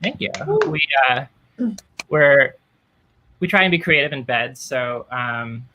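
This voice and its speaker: A woman's voice: a bass voice, animated, slow pace, pushed and bright, a little hiss or hum. A woman performing a stand-up set over a video call, dry and self-deprecating, acting out quoted lines. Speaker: stand-up comedian.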